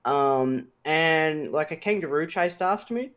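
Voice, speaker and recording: A man with an Australian accent, a podcast guest telling stories in a casual, swearing, animated way. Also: a little high, a little slow, slight background noise. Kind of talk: casual chat.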